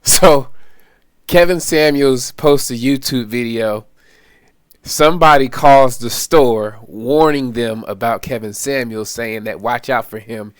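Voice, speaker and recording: A man's voice: medium pitch, takes it slowly, clear, resonant tone, no echo, studio quality. A man hosting a reaction commentary, talking wryly and laughing at his own points. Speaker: commentary host.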